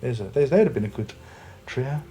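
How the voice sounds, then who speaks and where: With a dark tone and an animated, fairly quick delivery, a medium-pitched man reviews an album from his home room, which holds a record player and speakers. Soft music plays in the background. He's a music review vlogger chatting casually, rambling and restarting a lot.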